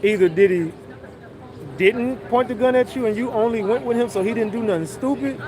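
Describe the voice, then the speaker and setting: High-voiced man ranting on a street. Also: fairly quick, crowd noise. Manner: blunt, profane, mocking retelling. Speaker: commentary vlogger. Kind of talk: casual recap commentary.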